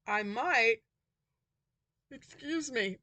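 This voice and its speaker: A woman vlogger chatting casually about her crochet projects, tired from a short night's sleep and quick to giggle. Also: a little high, animated, pushed and bright, dry recording. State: tired and yawning. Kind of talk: casual chat to camera.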